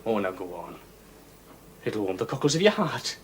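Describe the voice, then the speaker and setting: An actor with a Welsh accent playing a blunt, hot-tempered young miner in a 1970s television period drama. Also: male voice, on the low side, sing-song, moderate pace, slight background noise. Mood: warm.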